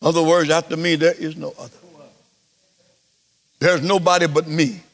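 A male preacher delivering a sermon, slow and emphatic, repeating phrases for stress. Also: on the high side, level tone.

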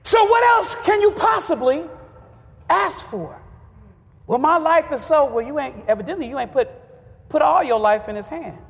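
A male pastor preaching with call-and-response, his voice pitched strikingly high. It carries a gravelly edge and swings widely as he rises to shouted refrains. The sound rings out in a hall with a long reverb. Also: expressive, normal speed, slight background noise. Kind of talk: sermon.

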